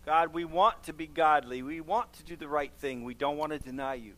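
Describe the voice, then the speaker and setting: A man's voice: a little high, a little fast, fairly bright tone. A man who is a pastor, preaching emphatically and leading a closing prayer, repeating phrases for stress.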